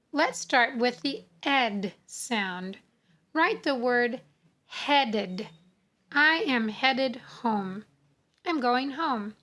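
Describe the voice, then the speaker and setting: Slow, deliberate woman teaching phonics. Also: fairly high pitch, a bit bright. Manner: slow, deliberate, sounding out words and repeating rules. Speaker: English teacher. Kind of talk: phonics lesson.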